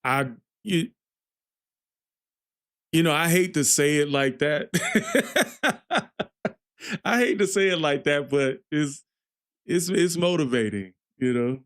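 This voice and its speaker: A man hosting a music reaction livestream, talking in a relaxed, unhurried way with a slightly raised pitch. He chats loosely and playfully with his viewers and laughs often between thoughts. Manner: talks to viewers directly. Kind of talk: casual livestream chat.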